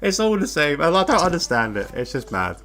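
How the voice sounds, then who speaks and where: A man's voice: on the high side, very animated, brisk, fairly bright tone. A man co-commentating a live online racing league, laid-back and self-mocking, laughing at himself often.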